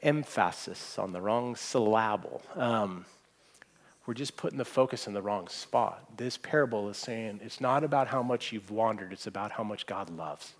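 A man preaching a sermon, earnest, pressing points hard and then dropping to a hushed voice. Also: fairly low pitch, moderate pace. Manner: earnest, swings from emphatic to hushed. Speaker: pastor.

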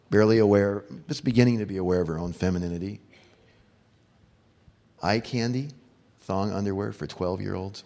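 A man's voice: deep voice, gravelly, mellow. A middle-aged man preaching a sermon to fathers, earnest and storytelling. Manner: earnest, storytelling with acted-out voices. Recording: long hall reverb.

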